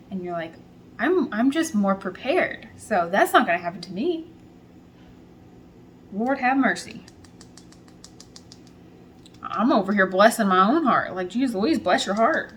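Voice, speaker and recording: A woman hosting a casual home vlog, talking through her work in a chatty, self-deprecating way with quick bursts of speech. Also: mid-range voice, slight background noise, low-quality recording. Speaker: soap maker and channel host. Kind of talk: casual vlog narration while working.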